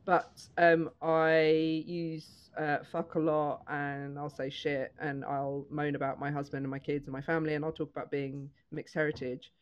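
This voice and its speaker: A woman's voice: sits low, level tone, normal speed, hardly any pauses, clear, resonant tone, highs cut off. A woman comedian in her thirties, chatting casually and bluntly, swearing freely and laughing often. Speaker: comedian and podcast host. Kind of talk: casual chat.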